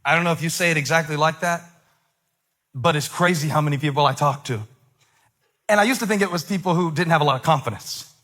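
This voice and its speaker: A man's voice: fairly high pitch, fast, a bit bright. A middle-aged male pastor preaching a sermon in a conversational way, joking with the congregation and breaking into emphatic surges. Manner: jokes with the congregation.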